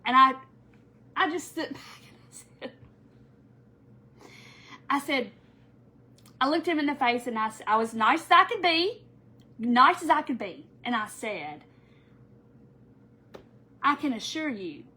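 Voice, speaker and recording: Working through a live craft tutorial, a middle-aged woman tells her viewers a rambling story, animated and addressing them as "y'all." She has a high-pitched voice and a measured pace, with long pauses.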